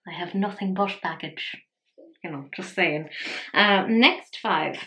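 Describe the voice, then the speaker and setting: In her 30s, a makeup vlogger talks through a casual tutorial in a voice on the low side, pushed and bright, taking her time. Her chat is playful and self-mocking.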